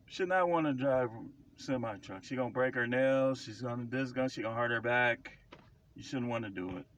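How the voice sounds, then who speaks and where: A man's voice: medium pitch, a bit bright, muffled recording. A man speaking as a self-described prophet, preaching life advice in a blunt, emphatic way and repeating phrases for stress. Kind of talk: casual preaching monologue to camera.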